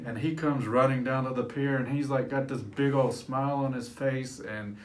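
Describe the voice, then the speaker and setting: A man working as a life coach, telling a personal story to camera in a lively, animated way. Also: mid-range voice, normal speed, hardly any pauses. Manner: animated storyteller, acts out his childhood voice.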